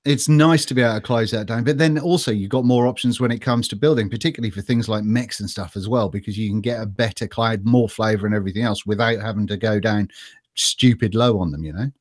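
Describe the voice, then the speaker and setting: A man's voice: on the low side, fast, no echo, studio quality. A man hosting a casual interview, chatty and rambling with many fillers. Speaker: host.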